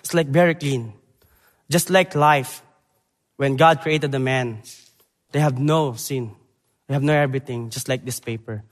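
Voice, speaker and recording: A young man from the Philippines, preaching a sermon in halting English that moves between loud emphasis and quiet, earnest moments. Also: medium pitch, fairly even intonation. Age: young adult. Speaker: preacher, Bible college graduate. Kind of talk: church sermon and missions presentation. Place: church sanctuary. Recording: long church hall reverb.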